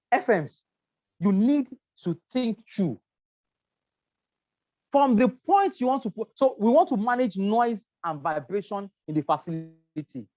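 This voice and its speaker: A woman's voice: mid-range voice, darkish tone, dry recording, muffled recording. A woman teaching a health and safety class, stressing key words, repeating herself and checking in with "right?". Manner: emphatic, repeats words, asks "right?" often. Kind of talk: lecture to a class.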